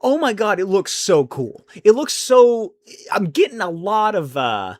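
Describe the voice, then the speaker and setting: A man's voice: sits high, big pitch swings, measured pace. A young man hosting a casual solo podcast, thinking aloud, rambling and swearing casually as he answers chat questions. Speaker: podcast host.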